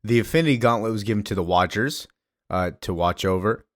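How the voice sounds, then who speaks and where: Low-voiced man recapping a comic. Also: a little fast, no room sound, clean studio sound. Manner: rambling, filler-heavy. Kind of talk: casual comic story recap.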